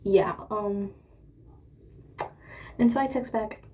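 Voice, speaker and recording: A woman's voice: medium pitch, slow pace, dark tone. A young woman telling a dramatic storytime in a chatty, rambling way while doing her makeup. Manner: chatty, dramatic retelling with many asides and fillers. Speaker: beauty vlogger.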